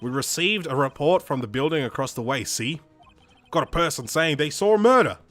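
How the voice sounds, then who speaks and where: A man voicing a loud, gruff male police detective from a game, with an attempted bogan twang. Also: fairly high pitch, animated, a little fast, no room sound, soft background music. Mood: blustering. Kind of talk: reading game dialogue aloud.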